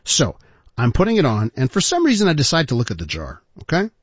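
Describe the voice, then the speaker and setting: A man hosting a talk radio show, telling a story in an animated way and calling listeners ladies and gentlemen. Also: mid-range voice, fast, husky, no echo. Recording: dull lo-fi broadcast sound.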